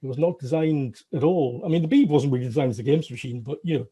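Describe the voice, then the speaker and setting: Speaking quickly in a dark, breathy, medium-pitched voice, a middle-aged Northern Englishman who once programmed games reminisces as an interview guest. The chat is casual, peppered with false starts and wry, self-mocking humour.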